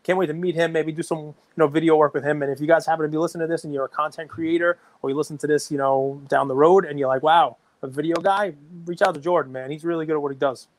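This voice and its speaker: A middle-aged man co-hosting a casual podcast, excitable and rambling. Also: on the high side, rapid-fire, few pauses. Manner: excitable, rambling, self-described runaway train. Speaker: podcast co-host.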